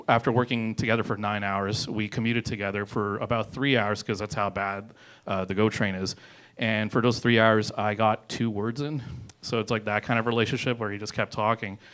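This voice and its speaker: A man's voice: lowish voice, a bit bright. A young man doing a stand-up set, rambling and swearing, laughing at his own jokes. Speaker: comedian.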